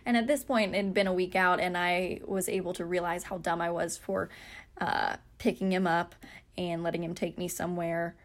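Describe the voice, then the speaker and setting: A woman's voice: fairly low pitch, fairly even intonation, moderate pace. Chatty young woman telling a story. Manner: chatty, many fillers, self-mocking. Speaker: podcast host. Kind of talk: casual storytelling.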